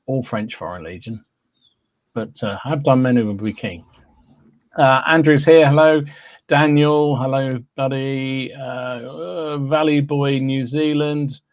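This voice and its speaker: A man's voice: medium pitch, slow, dry recording, highs cut off. Chatty man hosting, dry sound. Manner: chatty and easygoing, with many fillers and humming. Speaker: podcast host. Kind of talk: casual live-stream chat, reading out viewer names.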